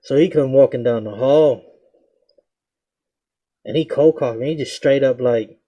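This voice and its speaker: Young male vlogger, laid-back slangy storyteller with a mellow, darker voice, mid pitch, acts out the lines he quotes. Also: measured pace, lo-fi sound. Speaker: reaction video host. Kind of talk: casual storytelling.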